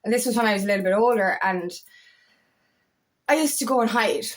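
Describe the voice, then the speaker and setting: A woman's voice: mid-range voice, brisk. Raw, emotional woman coach, rambling and swearing. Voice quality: eccentric, quirky talker. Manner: rambling, heartfelt, swears often, voice catching with emotion. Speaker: feminine empowerment coach. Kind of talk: emotional personal vlog monologue. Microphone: camera.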